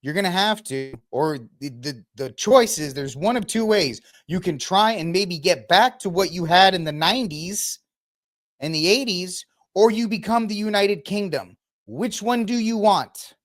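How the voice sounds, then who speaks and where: A man's voice: high voice, lively intonation, a little slow. A man hosting his own political commentary show, ranting in a heated, indignant way and piling up accusations. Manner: fiery, indignant ranting with repeated blame.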